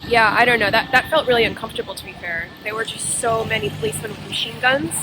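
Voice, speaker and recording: Woman, rapid rambling casual talk, outdoors, noisy street recording. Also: a little high. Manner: rapid, rambling, filler-heavy. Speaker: vlogger's wife. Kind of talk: casual chat on a vlog.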